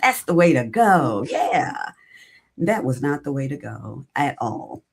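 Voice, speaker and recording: This very deep, slightly rough voice belongs to a middle-aged woman who speaks slowly with vocal fry. As a podcast guest and recruiting entrepreneur, she relates her career casually and with animation, reenacting dialogue from her past.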